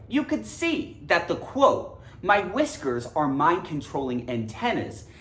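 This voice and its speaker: A woman giving a scripted grammar lesson, animated and emphatic. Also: lowish voice, reverberant. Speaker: English grammar teacher.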